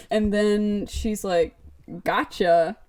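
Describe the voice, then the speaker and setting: A woman's voice: medium pitch, warm tone. A woman recapping a book in casual podcast chat. She acts out the characters' quotes and peppers her talk with "like". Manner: chatty, lots of "like" and acted-out quotes. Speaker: podcast co-host.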